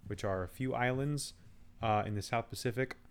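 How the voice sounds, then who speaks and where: A man's voice: mid-range voice, normal speed. A man co-hosting a casual podcast, wry and reasoning things out aloud as he talks, with a few restarts. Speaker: podcast co-host. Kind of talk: casual chat.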